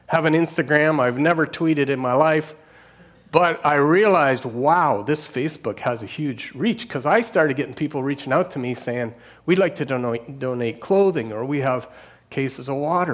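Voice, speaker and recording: A middle-aged man speaks in a voice a little higher than most men's. He tells a personal testimony as a pastor would, earnest and unscripted. He laughs often, trails off, and restarts his sentences as he goes. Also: a bit bright. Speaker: pastor and street outreach worker.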